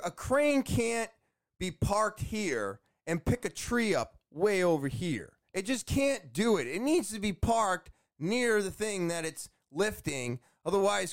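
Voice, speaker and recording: Man, high voice, casual vlog storyteller, animated and exasperated, cursing freely. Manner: animated, exasperated, swears often. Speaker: vlogger telling a story. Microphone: camera facing speaker.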